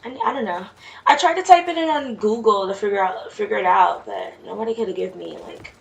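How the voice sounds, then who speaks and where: A woman's voice: medium pitch, fairly quick, creaky. A woman with a Jamaican accent giving casual, chatty commentary while playing a game. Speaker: let's play streamer. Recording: distant mic with faint noise.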